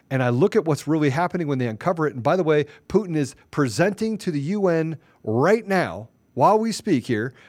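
High-voiced fervent male talk show host. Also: no echo. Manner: fervent, ranting, rhetorical questions. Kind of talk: impassioned political commentary.

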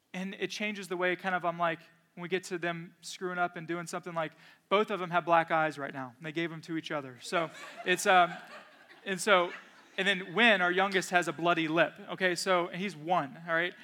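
A man in his thirties preaching to parents in a casual, earnest way, mixing scripture with stories from home. His voice sits high and sounds bright and forceful. He keeps it personal and conversational. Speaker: pastor. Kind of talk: sermon.

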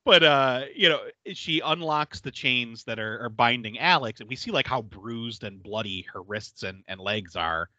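Speaking at a normal speed with few pauses, this man has a mid-range voice and hosts a casual podcast recapping a horror film. He's animated, laughs a lot and swears freely, and the lo-fi audio carries no room sound.

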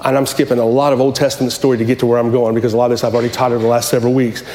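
A man's voice: medium pitch, little pitch movement, racing, darkish tone, reverberant, slight background noise. A man preaching a sermon as pastor, impassioned and repetitive, often restarting his phrases.

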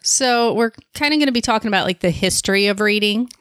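A woman's voice: mid-range voice, fast, dry recording, clean studio sound. A woman co-hosting a casual podcast, friendly and conversational, often ending her points with a questioning "right?". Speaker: podcast co-host.

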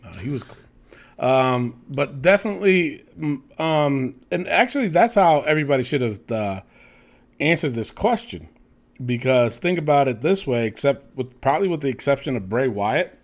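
A man of medium pitch whose voice rises and falls a lot as he chats. He rambles through his thoughts with plenty of fillers and casual cursing. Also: animated, normal speed. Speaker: podcast co-host. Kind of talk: casual wrestling chat.

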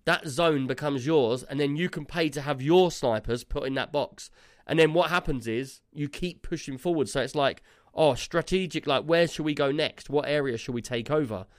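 A man's voice: fairly high pitch, no echo, clean studio sound. A man, co-hosting a casual gaming podcast and telling a long, rambling story full of fillers. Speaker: podcast co-host.

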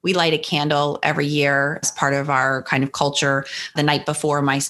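Low-voiced mom telling a candid story. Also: female voice, flat delivery, normal speed. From New Jersey. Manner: reflective, candid, acts out her son's lines brightly. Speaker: guest, author. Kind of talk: personal storytelling in an interview.

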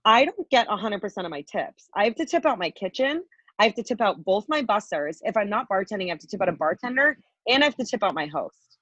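A woman's voice: medium pitch, very animated, fairly bright tone, no room sound. Heated, profane young woman ranting. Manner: heated, profane, fast rambling with many "like" fillers. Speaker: podcast co-host. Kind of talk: casual chat, venting story. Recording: dull lo-fi dry podcast audio.

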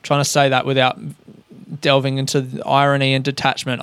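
A man's voice: mid-range voice, completely flat delivery, fairly quick, a bit bright, smooth, no room sound. An Australian man talking in a loose, rambling solo monologue as a podcast host, swearing often and poking fun at himself. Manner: sweary, rambling, self-mocking.

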